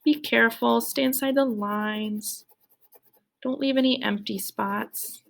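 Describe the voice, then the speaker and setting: A woman's voice: fairly high pitch, fairly even intonation, takes it slowly, gravelly, fairly bright tone. A young woman leading a children's drawing lesson, cheerful and playful, speaking directly to the kids. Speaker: art teacher.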